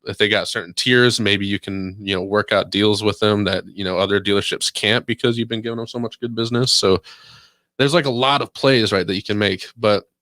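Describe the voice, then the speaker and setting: A man's voice: fairly low pitch, steady tone, brisk, bright, forceful tone, dry recording. A man from Ohio chatting as a podcast guest, telling loose, rambling stories full of "dude" and casual swearing. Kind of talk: casual storytelling chat.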